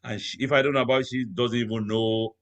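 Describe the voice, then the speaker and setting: A man's voice: medium pitch, steady tone, fast, a bit bright. A middle-aged married man speaking candidly and emphatically, often checking that the listener understands. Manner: earnest, emphatic, keeps asking "you understand?". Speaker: married guest. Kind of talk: candid conversational chat.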